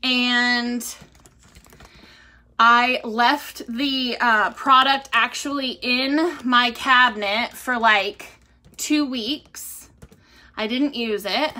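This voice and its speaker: A woman's voice: fairly high pitch, steady tone, extremely slow, sharp tone. A middle-aged woman chatting casually on a livestream, rambling through stories and laughing often as she digresses. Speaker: vlogger selling wellness drinks.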